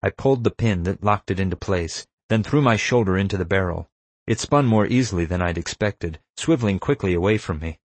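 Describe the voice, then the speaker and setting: Deep-voiced man narrating a story. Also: a little fast, no echo. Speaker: audiobook narrator. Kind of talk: first-person scripted narration.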